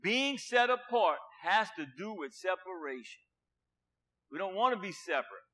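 A man preaching a sermon with passion, dropping to a hush and then rising loud, repeating words for emphasis. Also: high-pitched, animated, moderate pace. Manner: impassioned, swinging from hushed to loud.

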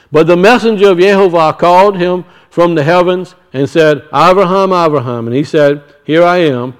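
A man's voice: a little high, clean tone. A male preacher reading scripture and explaining it, often restarting his sentences. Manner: reads scripture slowly, then explains it with frequent restarts.

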